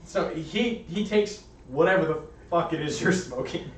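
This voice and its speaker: Lively male game master, slightly higher voice, distant and echoey recording with audible background noise. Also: moderate pace. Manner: lively, laughing, voices characters in bursts. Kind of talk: narrating a tabletop game. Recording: roomy echo, distant mic, background noise.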